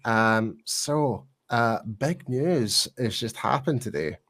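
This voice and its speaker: This podcast guest from Scotland, Glaswegian by accent, has an expressive, slightly bright medium-pitched voice and a slow delivery. He keeps things casual, stumbling through fillers and frequent restarts.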